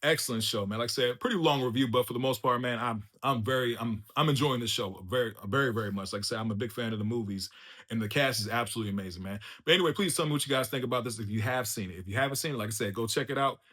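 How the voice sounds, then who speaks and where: A man in his own channel's review video, talking off the cuff at an ordinary mid pitch. He keeps it loose and animated, slipping in laughs and casual slang like "bro" as he goes. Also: very fast. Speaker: YouTube reviewer.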